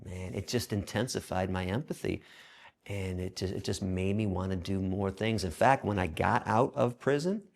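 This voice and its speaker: A man in his fifties, an interview guest who tells stories in an animated, profane way and acts out the quotes. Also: low voice, normal speed, vocal fry. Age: 50s. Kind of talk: storytelling in a conversational interview.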